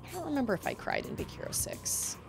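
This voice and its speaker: Over music, a woman livestreams a video game, rambling through casual chat and laughing often. Her slightly high, gravelly voice moves quickly and swings hugely in pitch.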